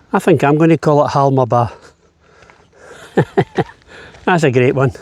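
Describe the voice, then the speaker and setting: A man's voice: medium pitch, a little slow, a little mellow, no echo. Chatty man on a hike. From Scotland. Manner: chatty, easygoing, jokey. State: slightly out of breath while climbing. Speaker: travel vlogger. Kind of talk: walking travel vlog. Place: outdoors on a wooded island path.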